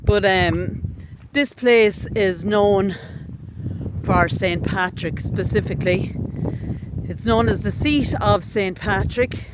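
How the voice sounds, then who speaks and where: Irish woman vlogging in loud wind. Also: mid-range voice, slow pace. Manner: chatty tour-guide explaining as she walks. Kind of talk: walking tour vlog. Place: windy hilltop graveyard outdoors. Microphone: small handheld gimbal camera mic. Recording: loud wind noise on outdoor mic.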